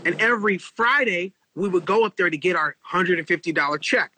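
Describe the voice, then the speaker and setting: A man in his forties telling animated stories as an interview guest, acting out quotes with heavy slang and swearing. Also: high-pitched, a little fast, low-quality recording. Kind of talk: casual storytelling interview.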